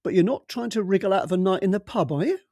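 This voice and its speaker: A man voicing a brusque, jovial middle-aged male police boss in an audiobook, talking loudly and bossily and cutting others off. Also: high voice, quick pace, no echo, clean studio sound, pitched above the performer's own voice. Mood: bluff, bossy. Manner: loud, bluff and bossy, cuts others off. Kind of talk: audiobook character voice.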